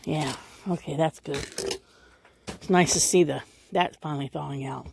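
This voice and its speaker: A woman's voice: low-pitched, fairly even intonation, moderate pace, gravelly, noisy background. A woman talking casually and rambling to her camera while she walks outdoors around her house, musing aloud as she goes. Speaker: vlogger. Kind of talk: casual walk-and-talk vlog.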